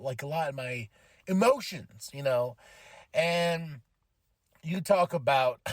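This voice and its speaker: Man, podcast host, excited wrestling recap, fairly high voice, dry close sound. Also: dry recording. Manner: excited, emotional, animated retelling with laughs.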